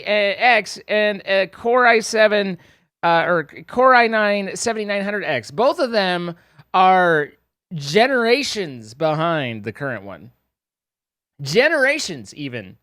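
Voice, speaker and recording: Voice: medium pitch, moderate pace, dry recording, studio quality. A live streamer chatting casually with viewers, rambling and teasing them playfully. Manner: rambling, animated.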